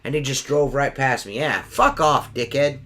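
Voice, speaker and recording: A man's voice: medium pitch, moderate pace, fairly bright tone, a little hiss or hum. A man hosting a casual podcast chat, telling stories as a profane, ranting storyteller. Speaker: podcast host.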